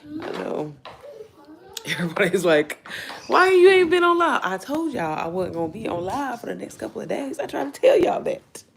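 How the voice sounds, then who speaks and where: A woman's voice: medium pitch, sing-song, normal speed, vocal fry, slight background noise. Chatty woman hosting a home livestream. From Indiana, United States. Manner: chatty, greets viewers by name and reads their comments. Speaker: livestream host. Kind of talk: casual livestream chat. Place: indoors at home.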